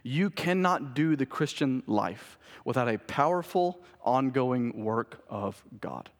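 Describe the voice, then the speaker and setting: A male pastor preaching a sermon in a church, earnestly repeating key phrases and moving between urgent appeals and hushed, intent passages. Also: mid-range voice, expressive, takes it slowly. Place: church sanctuary. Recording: reverberant church hall.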